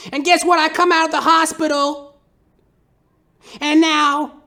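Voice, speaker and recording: A man doing an impression of a famous male rapper, ranting in a preachy, emphatic, drawn-out way. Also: very high-pitched, bright, forceful tone, pitched above the performer's own voice, full character voice.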